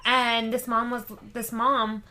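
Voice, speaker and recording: A woman co-hosting a podcast, telling a story in a casual, animated way with laughter. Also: on the high side, slow. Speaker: podcast co-host.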